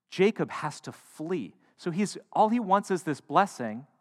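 A man giving a sermon in a large hall, telling the story with playful asides and a lively, rising-and-falling voice. His mid-range tone is clear. A long reverb trails each phrase. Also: mid-range voice. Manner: animated, joking storyteller. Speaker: preacher. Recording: echoey hall.

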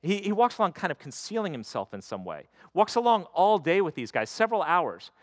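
A man delivers a sermon in a loose, conversational manner, acting out the stories as he goes. His voice sits a little high. The sound is dry and close. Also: very animated, a little fast, no room sound. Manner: conversational, acts out quoted voices. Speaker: pastor.

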